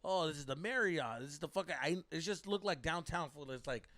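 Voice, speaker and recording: An animated man spins a rambling story, swearing freely and dropping slang into his English. His voice sits a little high and jumps around a lot. The sound is dry and close. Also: a little fast, no echo. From Mexico. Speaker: podcast co-host. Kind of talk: casual storytelling chat.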